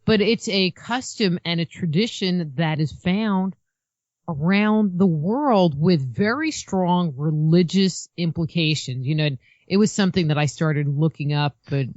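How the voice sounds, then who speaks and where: A woman's voice: lowish voice, unhurried, darkish tone, no room sound. Rambling woman guest, muffled dry sound. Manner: rambling, heavy use of "you know". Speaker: podcast guest, author. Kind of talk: casual chat.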